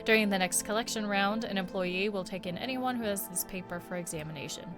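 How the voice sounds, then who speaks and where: A woman's voice: mid-range voice, fast, lightly acted. Woman reading as a formal radio announcer. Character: calm official radio announcer. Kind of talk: reading a game's news broadcast. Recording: game music behind.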